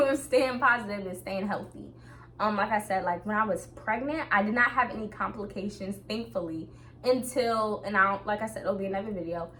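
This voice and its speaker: An upbeat young woman talks straight to her viewers in a casual, motivational vlog, laughing easily between thoughts. Her voice sits at an ordinary middle pitch for a woman. A faint hiss runs quietly underneath. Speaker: vlogger. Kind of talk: casual talk to camera.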